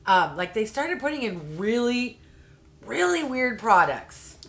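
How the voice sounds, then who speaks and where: A woman's voice: a little high, sing-song, measured pace, gravelly, fairly bright tone, slight background noise. A woman reviewing a beauty subscription box in a casual unboxing vlog, chatty and full of "like" and "um", with a heated, exasperated way of ranting. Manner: chatty, uses fillers like "like" and "um".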